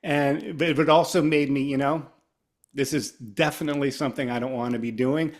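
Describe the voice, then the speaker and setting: A middle-aged guitarist from Ohio talks through his memories in a loose, rambling way. He drifts from one aside to the next and jumps into animated little impressions of the people he quotes. His voice sits at an ordinary middle pitch for a man. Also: brisk. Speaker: guest guitarist. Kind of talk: casual storytelling interview.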